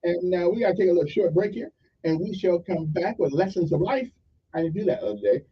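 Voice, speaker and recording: High-voiced rambling radio host. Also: male voice, big pitch swings, fairly quick, husky. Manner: rambling, joking asides, folksy. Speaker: radio talk show host. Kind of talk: casual morning radio shout-outs. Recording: dull sound from a distance.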